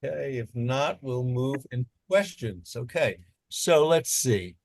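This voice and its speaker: A man's voice: mid-range voice, animated, slow pace, gravelly, dry recording. A man moderating a volunteer panel, talking casually with many fillers and restarts. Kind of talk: casual online panel talk.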